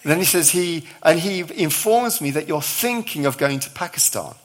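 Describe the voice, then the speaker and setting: A middle-aged man, a visiting preacher, delivers a sermon in a slightly high, animated voice at normal speed. He tells a story, acting out the dialogue and adding touches of humour.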